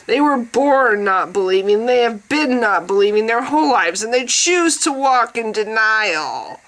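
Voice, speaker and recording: A woman's voice: a little high, lively intonation, a little slow, a bit bright, low-quality recording. A woman playing a smug, scornful preacher man. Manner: mocking, preachy, repetitive ranting.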